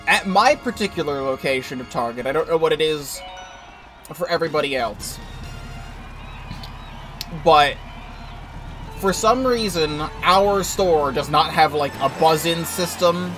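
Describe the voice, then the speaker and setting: A man's voice: fairly high pitch, lively intonation, a little slow, long pauses, a bit bright. A man streaming a racing game, chatting casually and telling a rambling work story with lots of filler words and the odd swear. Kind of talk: casual gameplay commentary and storytelling. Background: game music.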